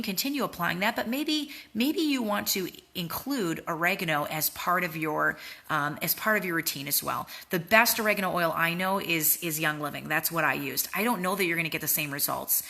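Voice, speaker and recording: Bright-voiced woman coaching her sales team. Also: fairly low pitch, animated, a little fast, creaky. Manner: earnest, repeats words, frequent "right?" tags. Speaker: network marketing team leader. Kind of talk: motivational training talk.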